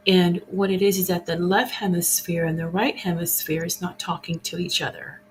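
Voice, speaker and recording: A woman in casual podcast conversation, reflective and quick to laugh, speaking in short halting bursts. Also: on the low side, level tone, a little hiss or hum, rough recording.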